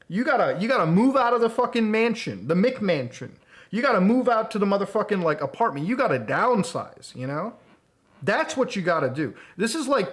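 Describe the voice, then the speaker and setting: High, lively-voiced ranting male streamer. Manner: profane, exasperated ranting with mocking outbursts. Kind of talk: casual livestream rant.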